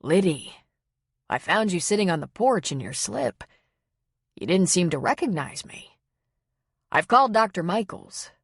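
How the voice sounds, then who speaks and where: A calm, kindly male pastor, as a woman narrator reads him, steady and measured. Her voice sits a little low and sounds dry and close. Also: husky, no echo, full character voice. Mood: reassuring. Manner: steady, measured, reassuring delivery.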